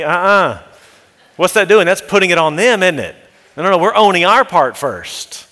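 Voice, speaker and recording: Emphatic preacher in an echoing hall. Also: male voice, lively intonation, moderate pace. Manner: emphatic, rising to forceful exhortation and dropping low to read scripture. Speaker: pastor. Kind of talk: sermon. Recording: long reverb of a large hall.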